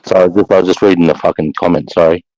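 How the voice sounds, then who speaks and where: A man's voice: low voice, steady tone, very fast, warm tone, dry recording, low-quality recording. An Australian man co-hosting a casual livestream chat, blunt and swearing, calling people mate. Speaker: livestream co-host.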